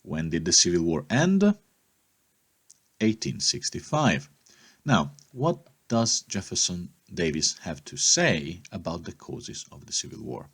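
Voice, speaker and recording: Low husky male history teacher. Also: huge pitch swings, unhurried, fairly bright tone. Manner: explanatory, checks in with "okay?". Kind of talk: recorded history lesson.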